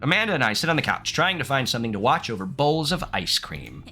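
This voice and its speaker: A man's voice: medium pitch, very animated, quick pace, few pauses, pushed and bright, soft background music. A man from the United States streaming gameplay, reading game text aloud and chatting playfully with his viewers, laughing often. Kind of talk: live-streamed gameplay commentary.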